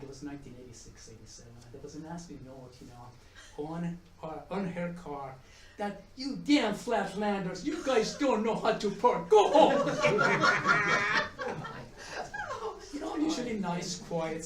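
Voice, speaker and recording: Middle-aged guy giving a talk, slightly high voice, heard from across an echoey room, chatty and repeats himself a lot. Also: a little mellow, distant mic, a little hiss or hum. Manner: chatty, repeats and restarts words, tells jokes. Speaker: economics professor giving a talk. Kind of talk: conference presentation. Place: conference room with audience. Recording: echoey room, mic from afar.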